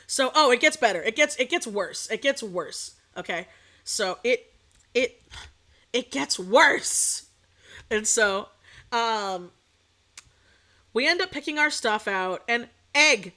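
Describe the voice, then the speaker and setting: A young adult woman streaming from home as a VTuber, telling a story in a casual, animated rant full of swearing and sudden outbursts. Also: sits high, normal speed.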